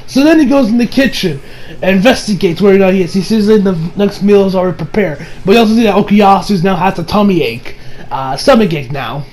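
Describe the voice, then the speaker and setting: A man recapping an anime episode in casual chat, excitable and swearing freely, breaking into laughter again and again. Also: sits high, fairly quick, slight background noise, low-quality recording. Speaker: anime reviewer.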